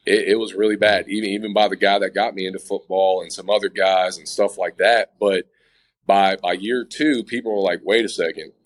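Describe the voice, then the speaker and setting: This man's voice sits low and steady and moves a little fast, though the recording quality is low. He's a guest in a casual interview sharing a personal story, and he keeps restarting sentences with a stammer while calling listeners "guys."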